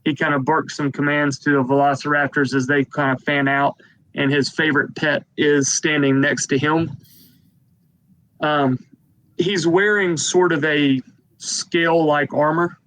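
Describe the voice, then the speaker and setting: Higher-voiced man running a tabletop game. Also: steady tone, a little slow, a bit bright, low-quality recording. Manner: rambling descriptive narration with many fillers. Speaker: game master.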